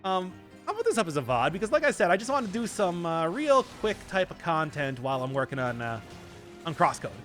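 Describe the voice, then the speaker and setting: Lively Midwestern man streaming a game. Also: high-pitched, brisk, soft background music. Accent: Midwestern American. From Wisconsin, USA. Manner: chatty, laughs often, odd emphasis on words. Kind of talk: live gameplay commentary.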